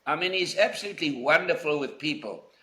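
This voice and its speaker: A man's voice: a little high, lively intonation, fairly quick, a bit bright, reverberant. An older man from South Africa, a golf legend being interviewed, telling anecdotes in a reflective, emphatic way. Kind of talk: conversational interview.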